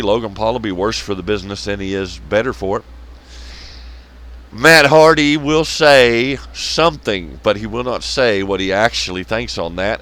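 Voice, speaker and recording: With a fairly low but slightly bright voice, this wrestling vlogger rants bluntly, swearing and being sarcastic while chuckling at his own jokes.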